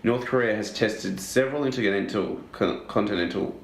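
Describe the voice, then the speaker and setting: A man's voice: fairly low pitch, brisk, roomy sound, a little hiss or hum. A young Australian man co-hosting a casual podcast chat, joking and crude, fond of doing impressions. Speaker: podcast co-host.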